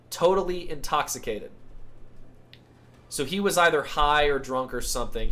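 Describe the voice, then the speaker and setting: A man's voice: medium pitch, a bit bright. A young American man chatting casually about a story he is writing. He rambles, fills his talk with "like", and mocks himself now and then. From United States. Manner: rambling, heavy use of "like", self-mocking asides. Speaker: writer describing his novel. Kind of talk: casual chat.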